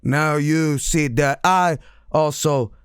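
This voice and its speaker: A man's voice: a little high, slow pace, clean tone, dry recording, studio quality. Man doing a cold, dismissive hedgehog rival. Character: gruff, cold male dark hedgehog rival.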